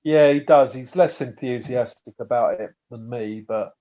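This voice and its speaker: A man from England chats as a podcast guest, spinning blunt, sweary stories with plenty of false starts. His voice sits at an ordinary middle pitch, and the sound is slightly dull and lo-fi. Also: normal speed, warm tone. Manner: chatty storyteller, frequent swearing and restarts. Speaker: podcast guest, bait maker. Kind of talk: casual podcast chat.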